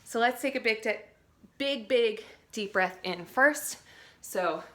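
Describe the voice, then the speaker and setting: A young woman with a bright, forward voice pitched a little high leads a vocal warmup for young students. She is playful and encouraging and acts out every sound she asks for. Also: takes it slowly. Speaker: teaching artist.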